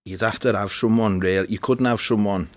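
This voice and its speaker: A podcast guest and spoken word performer from Liverpool, England, talks casually in a recording studio with a Scouse accent. His lowish voice is fairly even in intonation and moderately paced, and he's laid-back, often trailing off.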